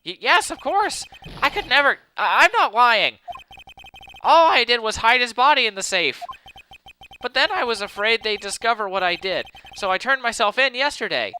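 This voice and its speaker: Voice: mid-range voice, big pitch swings, moderate pace, sharp tone, slight background noise, voice pushed up, poor audio. A let's player voicing a timid, nervous young male thief who stammers, with music playing behind. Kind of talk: let's play voice acting.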